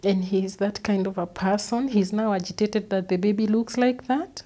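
A woman, an interview guest, recounting a painful personal story in an earnest, halting way, often repeating words. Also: mid-range voice, fairly even intonation, warm tone. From Kenya. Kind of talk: personal testimony.

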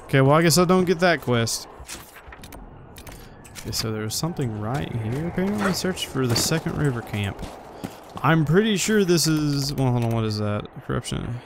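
A man's voice: mid-range voice, lively intonation, moderate pace, noisy background. A man streaming a video game who rambles, swears freely and talks to himself. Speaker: gaming streamer. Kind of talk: let's play commentary. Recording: voice over loud game music.

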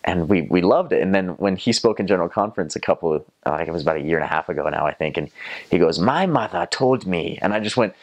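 Young Southern American guy, very deep voice, relaxed and reflective storyteller. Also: rapid-fire. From North Carolina, USA. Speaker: returned missionary. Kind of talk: casual storytelling to camera.

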